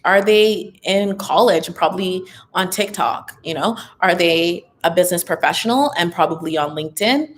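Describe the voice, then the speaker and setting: A woman's voice: on the low side, normal speed, few pauses. A young woman casually chatting on a livestream Q&A, upbeat and advice-giving, a bit tired and loopy, with plenty of fillers. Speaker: online business content creator hosting a live Q&A.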